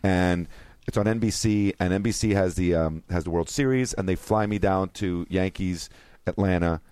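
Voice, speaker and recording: Excitable, low-voiced actor guest. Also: male voice, normal speed, clear, resonant tone, no room sound. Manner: excitable, loose, peppered with "man" and "bro". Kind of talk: casual chat, telling anecdotes.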